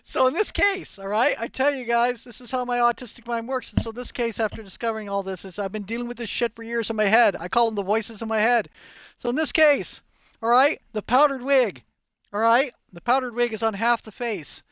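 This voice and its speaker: Excitable male streamer, rambling, salty, dead-dry sound. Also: very high-pitched, a little fast, clean tone, no echo. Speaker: poker streamer. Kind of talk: casual live stream chat.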